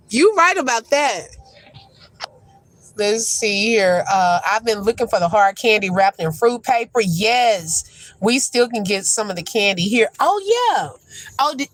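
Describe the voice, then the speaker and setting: A woman's voice: a little high, rough recording. A woman hosting a casual livestream from a parked car, chatting, laughing often and turning to preacher-like encouragement. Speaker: livestream host. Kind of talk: casual live chat with encouragement.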